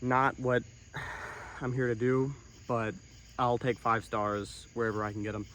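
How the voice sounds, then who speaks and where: A young man in a comedic monologue, self-important and deadpan, breaking into outraged, swearing outbursts. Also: mid-range voice, measured pace, slight background noise. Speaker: comedic storyteller in character.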